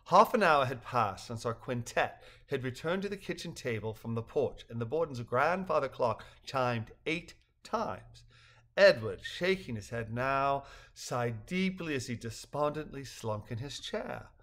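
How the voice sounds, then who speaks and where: An older man narrating his own children's storybook in a measured, clear reading voice. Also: mid-range voice, expressive, fairly bright tone. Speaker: author and reader.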